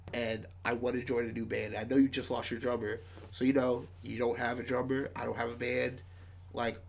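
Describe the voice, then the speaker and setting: With a gravelly, mid-range voice, a man from a band tells a loose, casual story as a podcast guest. He rambles, says "like" constantly, and keeps breaking into laughter.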